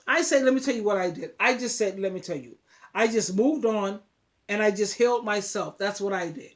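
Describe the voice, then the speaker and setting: An emphatic woman talks straight to her viewers in a casual vlog. She preaches and drives points home, repeating words for weight. Her pitch sits in the middle range. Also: brisk. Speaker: advice vlogger. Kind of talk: casual talk to camera.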